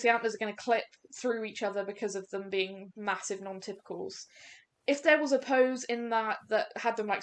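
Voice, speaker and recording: A young woman hosting her gaming channel, giving chatty, excitable commentary over gameplay, full of fillers and restarts. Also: medium pitch.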